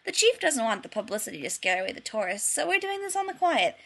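A woman reading a story and voicing an excitable young man who poses as a psychic, full of exuberant wisecracks. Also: very high voice, fast talker, gravelly, exaggerated voice. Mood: giddy.

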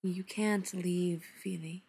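A woman voicing a gentle mother in a read-aloud story, murmuring softly to her son. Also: lowish voice, steady tone, normal speed, breathy edge. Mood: tender. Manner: soft, murmuring.

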